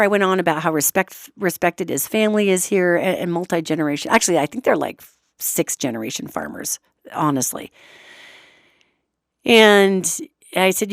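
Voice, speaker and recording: A woman host talking through a podcast monologue with a lively, swooping pitch, chatty and emphatic, repeating her points and swearing now and then. Her voice sits close and dry. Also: moderate pace, no room sound. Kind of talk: talk show monologue.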